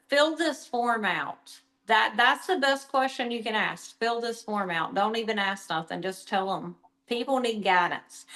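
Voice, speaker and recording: A woman's voice: fairly high pitch, fairly bright tone. A woman giving blunt, commanding sales coaching in a direct, no-nonsense way. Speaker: sales team trainer. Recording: roomy echo.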